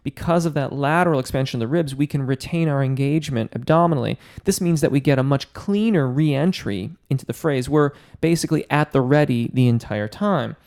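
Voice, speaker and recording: Gravelly-smooth male vocal coach answering comments. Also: mid-range voice, a little fast, hardly any pauses, a little mellow. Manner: reads viewer comments aloud, greets them by name, explains technique. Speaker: vocal coach hosting live Q&A. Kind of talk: live-stream Q&A, casual chat. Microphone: close studio mic.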